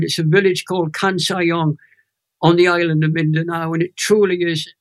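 An older man in his eighties with a Welsh accent and a fairly high voice tells his story with lively emphasis. He leans hard into the emotional peaks as a guest in an interview. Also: normal speed. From Wales. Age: 80s. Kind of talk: animated storytelling testimony.

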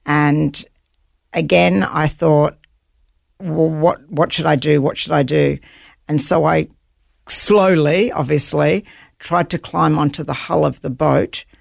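A woman's voice: low voice, fairly even intonation, slow pace, gravelly, no echo, clean studio sound. A woman telling an earnest, vivid story of surviving at sea, quoting her own thoughts as she goes. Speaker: guest, author recounting survival at sea. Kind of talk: storytelling interview.

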